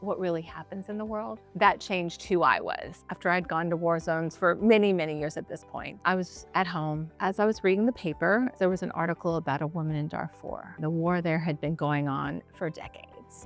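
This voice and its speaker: A middle-aged woman, a comedian and filmmaker, telling her own story to camera in an earnest, lively way. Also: on the low side. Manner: earnest, lively storyteller who acts out quoted voices.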